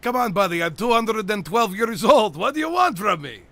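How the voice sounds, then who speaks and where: A man's voice: sits high, very animated, normal speed, fairly bright tone, no room sound, exaggerated voice. A man playing a boastful, teasing 212-year-old theme-park host who runs a comedic game show. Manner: brash, teasing, theatrical.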